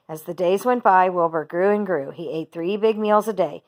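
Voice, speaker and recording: A teacher reading a children's book aloud, steady and expressive. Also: female voice, fairly low pitch, normal speed.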